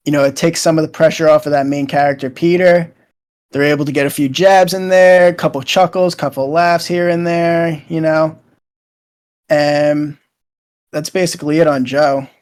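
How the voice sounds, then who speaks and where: A man's voice: fairly high pitch, a little mellow. A young man chatting casually as a co-host, retelling scenes in a loose, rambling way with lots of fillers. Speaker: show co-host.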